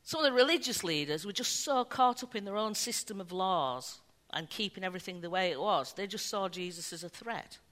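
A woman preaching a sermon, telling the story in an animated way and acting out the voices of the people in it. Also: mid-range voice, a little fast, hardly any pauses. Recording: long hall reverb.

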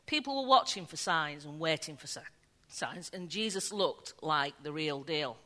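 A woman preaching a sermon, telling the story in an animated way and acting out the voices of the people in it. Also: deep voice, moderate pace. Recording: long hall reverb.

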